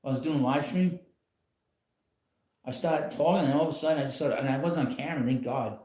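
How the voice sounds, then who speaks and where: A man's voice: a little high, fast talker, dark tone, reverberant. A man hosting a casual live stream from home, talking in a rambling, blunt way with frequent chuckles. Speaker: channel host. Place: home, in a rocking chair.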